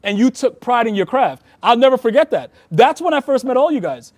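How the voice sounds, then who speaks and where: A man's voice: very high-pitched, sing-song, brisk, no echo. A man, a Freemason and past master, earnestly telling heartfelt stories in a casual conversation.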